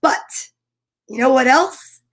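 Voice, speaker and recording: Bubbly high-voiced woman, scratchy rasp. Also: animated, slow, fairly bright tone. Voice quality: scratchy, raspy voice. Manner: bubbly, enthusiastic, chatty. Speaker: live-stream story time host. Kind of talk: casual live-stream chat.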